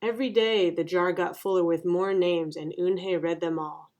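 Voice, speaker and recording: A woman reading a children's picture book aloud in a clear, even narration. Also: lowish voice, normal speed, muffled recording. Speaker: storyteller.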